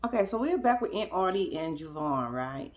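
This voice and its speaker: A woman's voice: fairly low pitch, very animated, normal speed. A woman giving a casual, blunt recap of a reality show, talking straight to viewers with slang and cussing. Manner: chatty, addresses viewers directly.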